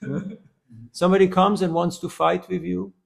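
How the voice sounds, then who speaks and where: A man's voice: sits high, normal speed, vocal fry, breathy edge. A man giving a devotional class, telling a story with humor and often asking the listeners "huh?". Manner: lively storyteller, asks "huh?" often, laughs at own jokes. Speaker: temple lecturer.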